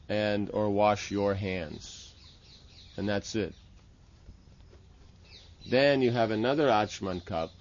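A man's voice: fairly low pitch, a little mellow, lo-fi sound. A man teaching the steps of a temple worship ritual, explaining patiently and often checking with "right?". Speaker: religious teacher. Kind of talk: instructional talk on temple worship.

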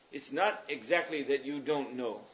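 A man's voice: medium pitch, takes it slowly, sharp tone, a little hiss or hum. Man teaching in a meandering, thoughtful way. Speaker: spiritual teacher leading a class. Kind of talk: explanatory religious discourse. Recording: dull lo-fi recording.

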